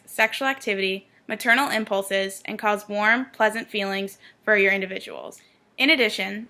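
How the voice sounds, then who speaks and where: A young woman plays a news anchor and reads from a script. Her voice is bright and forward, and her delivery is crisp and formal. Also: mid-range voice.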